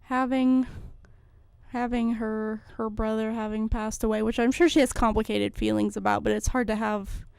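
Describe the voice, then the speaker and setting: Higher-pitched woman co-host, eager and rambling, casual radio chat, dry mic. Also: little pitch movement, vocal fry, a little mellow, clear, resonant tone, no room sound. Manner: enthusiastic, rambling, quick to laugh.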